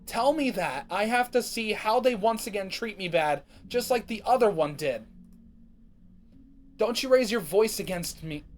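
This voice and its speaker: A man voicing an excitable young female pony who turns bitter and scolding. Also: sits high, unhurried, slight background noise. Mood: angry. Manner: bubbly, then sharply scolding.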